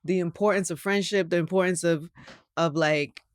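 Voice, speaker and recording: A woman's voice: fairly low pitch, fairly even intonation, normal speed, no echo, clean studio sound. A woman hosting a podcast, interviewing a guest in an encouraging, affirming way. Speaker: podcast host. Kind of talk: interview conversation. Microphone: podcast studio mic.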